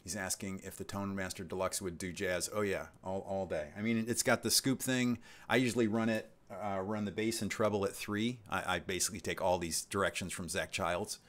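A man's voice: low-pitched, steady tone, fairly quick, few pauses, fairly bright tone. A man in his sixties hosting his channel's live stream, chatting casually and reading out viewer comments with rambling asides. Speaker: channel host.

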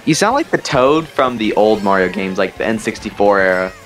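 A woman's voice: a bass voice, animated, a little fast, over loud music. A woman in a gaming voice chat, playfully teasing the others. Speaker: voice chat friend.

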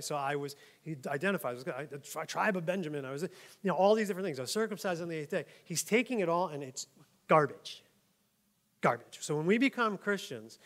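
New york guy preaching, kinda high voice, laughs a lot, keeps going "right?". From New York, USA. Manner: chatty, laughs often, keeps asking "right?". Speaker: pastor. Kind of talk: conversational sermon.

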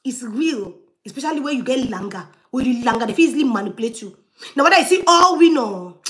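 High, bright woman. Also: quick pace. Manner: animated, laughing, switches between loud and murmured asides. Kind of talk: livestream commentary.

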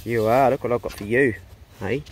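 Out at the kennels on his farm, a middle-aged pig hunter with a New Zealand accent tends his dogs and coaxes them affectionately while talking easily to his vlog audience. He speaks fairly quickly at medium pitch, and there's a slight hiss or hum.

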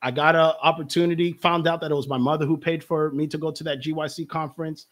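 A young man shares his faith testimony with real energy, his voice a little higher than most men's. He tells the story in a lively way and slips into the voices of the people he quotes. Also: fast. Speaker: pastor. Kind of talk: personal testimony in conversation.

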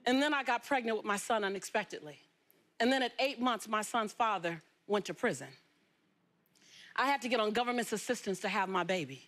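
A woman from Los Angeles, a talk show guest telling her life story in an animated, emphatic way. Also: medium pitch, a little fast. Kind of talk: storytelling interview.

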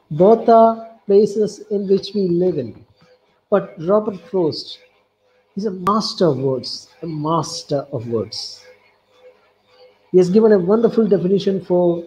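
A man with a Kerala Indian English accent giving an online lecture on poetry, speaking slowly and deliberately, repeating key phrases and reciting lines of verse softly. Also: high voice, a little hiss or hum, poor audio. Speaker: English professor.

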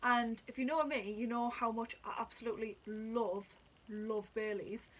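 Excitable woman vlogging. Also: fairly high pitch, moderate pace, breathy edge, poor audio. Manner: excitable, chatty, swears freely. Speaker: vlogger reviewing drinks. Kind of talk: casual vlog chat. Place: at home indoors.

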